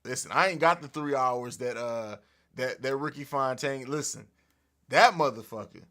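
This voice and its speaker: A man hosting a casual sports podcast livestream from a home studio, animated and profane, laughing often, recorded on an overhead mic. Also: mid-range voice, normal speed. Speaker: podcast host.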